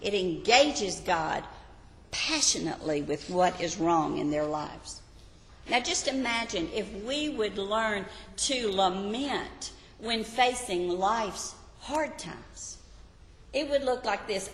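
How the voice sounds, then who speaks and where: A woman's voice: a little high, lively intonation, takes it slowly. A woman teaching a Bible lesson as a sermon, emphatic, repeating key phrases and questioning her audience. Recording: echoey hall with long reverb.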